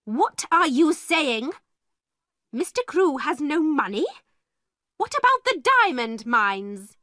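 A woman voicing a stern, cold, angry schoolmistress in a storybook reading, with a sharp, commanding manner. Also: very animated, slow, no room sound, clean studio sound, exaggerated voice. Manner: sharp, commanding, raised and higher.

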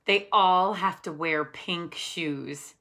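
A bossy know-it-all older boy, voiced by a woman reading a picture book. He insists on every word, slow and certain. The storybook voice is slightly low for a woman. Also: bright, forceful tone, heavily acted. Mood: insistent.

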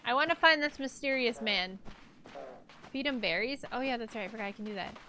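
A woman streamer chatting casually through her game at a desk microphone, her voice pitched a little high. She talks to herself and her viewers as she plays. Steady clicks sound in the background. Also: fairly quick, a little hiss or hum. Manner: chatty, talks to herself and chat while playing.

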